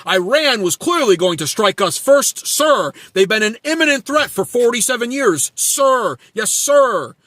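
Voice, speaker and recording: A man's voice: very high-pitched, very animated, a little slow, hardly any pauses, a bit bright, no room sound, studio quality, pitched above the performer's own voice, full character voice. A man putting on a simpering yes-man. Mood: fawning. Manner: servile, repeats "sir". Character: fawning adult male yes-man supporter.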